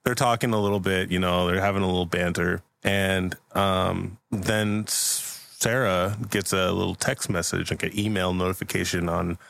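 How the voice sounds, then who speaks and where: A man's voice: deep voice, fairly even intonation, normal speed, gravelly, few pauses, fairly bright tone. A man hosting a comedy podcast, improvising a story in a rambling way full of fillers. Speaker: podcast host.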